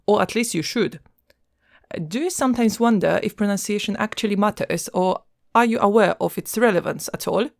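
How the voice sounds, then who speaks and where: A woman host speaking into a dry, close mic with a slightly gravelly texture to her voice. She reads a scripted podcast intro, posing question after question to her listeners. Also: medium pitch, normal speed, no echo. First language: Polish.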